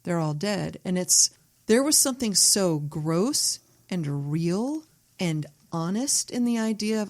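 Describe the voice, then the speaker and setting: Podcast guest: woman, lower-pitched, animated, salty storyteller. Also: slow pace. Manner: animated storyteller, acts out quotes, swears freely. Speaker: filmmaker guest. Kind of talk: casual podcast chat.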